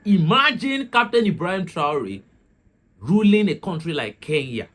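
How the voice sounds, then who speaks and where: Lively, laughing Nigerian man. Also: high voice, measured pace. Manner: chatty, laughs often, repeats words. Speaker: channel host. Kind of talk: casual commentary to camera.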